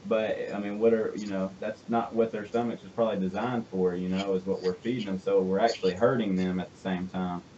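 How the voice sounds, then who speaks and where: A man's voice: lowish voice, darkish tone. A man with an Alabama accent hosting a casual interview, chatty and rambling, laughing easily. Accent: Southern US, Alabama. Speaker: podcast host. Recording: distant, dull mic with faint noise.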